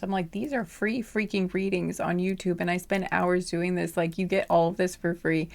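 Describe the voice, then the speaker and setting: A woman's voice: on the low side, fairly even intonation, normal speed, gravelly, hardly any pauses. Brief: woman tarot reader, casual rambling chat, sassy asides, frequent laughs, occasional whispers. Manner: drops to whispers at times. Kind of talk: casual chatty monologue.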